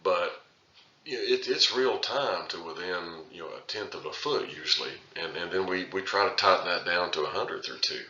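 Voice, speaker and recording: A man with a low, sharply edged voice delivers a recorded lecture, talking loosely and often circling back to restart his phrases. The sound is roomy and a little dull, like a lo-fi classroom capture. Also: normal speed, pushed and bright. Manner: conversational, with frequent restarts and filler phrases. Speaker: surveying instructor.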